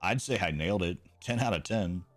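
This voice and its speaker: A low-pitched, animated male voice moves at a brisk clip as its owner streams a video game. Chatting casually with viewers, he rambles, jokes at his own expense, and drops the occasional swear word.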